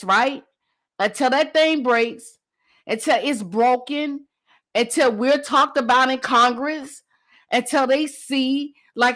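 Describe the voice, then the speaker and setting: A woman's voice: sits high, expressive, takes it slowly, a bit bright. A woman host and coach giving a passionate motivational talk, driving points home by repeating phrases.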